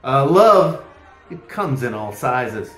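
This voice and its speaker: A man's voice: medium pitch, big pitch swings, slow, fairly bright tone, reverberant, soft background music. A man casually reviewing records from his collection, enthusiastic and rambling, full of fillers and exclamations. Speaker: vinyl collector vlogger.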